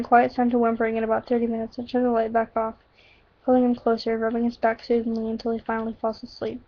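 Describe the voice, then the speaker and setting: A woman's voice: a little high, creaky. Woman casually reading a story aloud. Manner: casual asides and self-corrections. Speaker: reader. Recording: dull lo-fi home recording.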